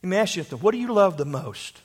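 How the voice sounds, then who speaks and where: A man's voice: high voice, very animated, rapid-fire, slightly rough. A man preaching a sermon, telling a story and asking rhetorical questions.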